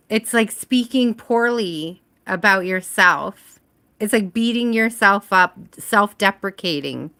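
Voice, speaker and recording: A woman reading tarot on a relaxed livestream, speaking at an unhurried, drawn-out pace. She chats with her viewers by name and laughs easily between thoughts. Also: medium pitch. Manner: chatty, answers viewers by name, laughs often. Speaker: tarot reader.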